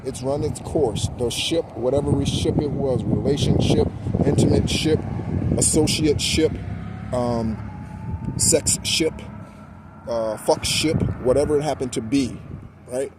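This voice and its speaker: A man's voice: mid-range voice, measured pace. A man giving a rambling, preachy spiritual pep talk outdoors, correcting himself as he goes. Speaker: spiritual guidance host. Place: outdoors near traffic. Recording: loud outdoor traffic noise. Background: street and car noise.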